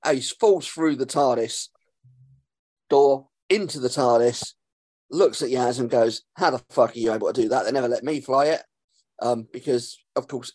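A man, hosting a podcast and recapping an episode in a casual, sarcastic way, swearing freely and filling pauses with um. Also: mid-range voice, a little mellow, dry recording. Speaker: podcast host.

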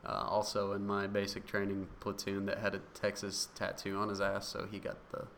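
A man's voice: on the low side, completely flat delivery, moderate pace, a bit bright, slight background noise. A young man chatting casually, telling long rambling stories with frequent laughter. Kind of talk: casual chat.

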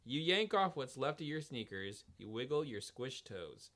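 A man's voice: mid-range voice, sing-song, normal speed, very noisy. A man hosting a comedy podcast, reading a kids' adventure book aloud with stumbles, laughs and jokey asides. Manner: reads with stumbles and laughs, dry jokey delivery.

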